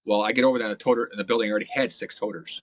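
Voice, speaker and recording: A man, a podcast guest, telling crude, blunt stories in a casual, animated way. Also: lowish voice, rapid-fire, a little hiss or hum, low-quality recording. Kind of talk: profane casual storytelling.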